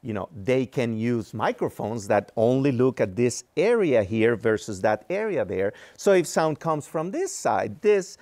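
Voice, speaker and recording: A man answering interview questions as an engineering executive. He explains technical ideas step by step and often pauses on "uh" and "um". His delivery is measured and patient. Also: mid-range voice, sing-song, darkish tone. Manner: patient explaining, frequent fillers.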